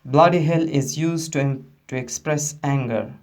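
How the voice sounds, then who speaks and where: A man who is not a native English speaker, teaching pronunciation in a lesson and slowly repeating each word with care. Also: a little high, a little mellow.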